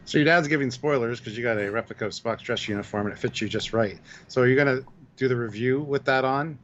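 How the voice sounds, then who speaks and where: A man's voice: medium pitch, fast, a bit bright, muffled recording, slight background noise. A man co-hosting a live stream, joking and reading out viewer comments. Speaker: show co-host. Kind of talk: casual livestream chat.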